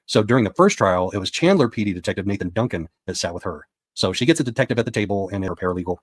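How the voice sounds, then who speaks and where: A man's voice: fairly low pitch, expressive, racing, dry recording. A man giving a casual spoken recap of a court session as a reporter, retelling what was said with quoted dialogue.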